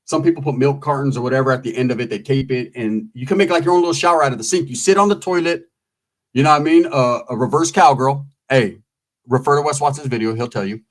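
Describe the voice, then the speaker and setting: A man's voice: mid-range voice, fast. A man telling long, profane, rambling stories in a casual way, full of asides. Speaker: storyteller.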